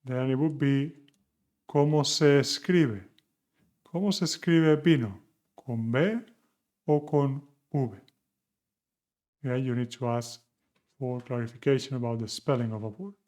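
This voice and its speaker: A man teaching a beginner Spanish lesson, chatting with learners and slowing down to model phrases. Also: mid-range voice, a little mellow. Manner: chatty, asks learners questions.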